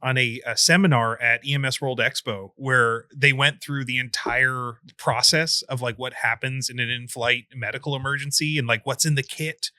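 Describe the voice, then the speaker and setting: A man's voice: mid-range voice, fairly even intonation, moderate pace, few pauses, sharp tone, no room sound, studio quality. A man hosting a podcast interview, chatting casually with a self-deprecating, jokey manner. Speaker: podcast host.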